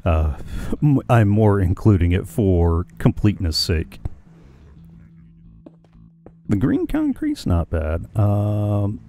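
A man's voice: fairly low pitch, huge pitch swings, slow pace, warm tone, faint music behind. A man chatting casually with his live-stream viewers while he plays, musing aloud and hesitating with frequent ums and restarts.

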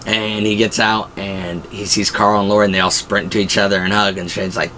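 Young adult male host, casual and animated recap style, faint background hiss. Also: fairly low pitch, brisk, hardly any pauses. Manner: animated, retells scenes with quoted lines. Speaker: show host.

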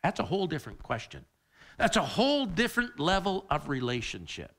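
A middle-aged male pastor preaching a sermon, animated and repeating words as he builds his point. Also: a little high, brisk.

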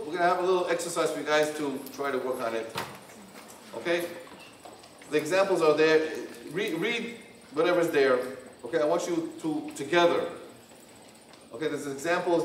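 A man, a rabbi, leading a couples workshop and reading points aloud, then explaining them in plain, repetitive phrasing. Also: on the high side. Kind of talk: workshop lecture. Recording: echoey room, distant from the mic, faint hum.

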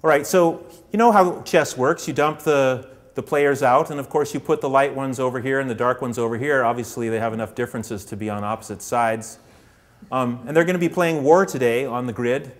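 Animated man giving a talk. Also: medium pitch, fairly quick, in a large hall. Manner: animated, puts on voices for characters. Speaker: public speaker. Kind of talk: storytelling lecture to an audience.

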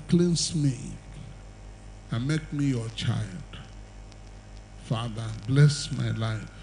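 A man's voice: medium pitch, gravelly, warm tone, slight background noise, low-quality recording. An older man preaching an evangelistic sermon and altar call, with emphatic, repetitive exhortation and the odd chuckle.

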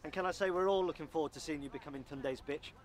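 A man's voice: a little high, quick pace, natural voice. An actor playing a sarcastic young man who mocks his friend. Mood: mocking. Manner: sarcastic, mocking. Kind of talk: film acting.

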